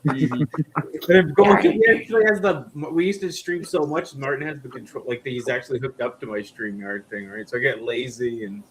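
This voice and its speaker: A man's voice: medium pitch, normal speed, a little hiss or hum, low-quality recording. Rambling man hosting a livestream. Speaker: livestream host. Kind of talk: casual group chat.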